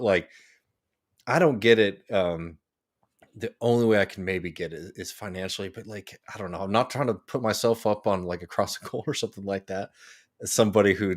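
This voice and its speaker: Hesitant low-voiced man, sighing. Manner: hesitant, many fillers and sighs, restarts often. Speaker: podcast co-host. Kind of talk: casual political chat.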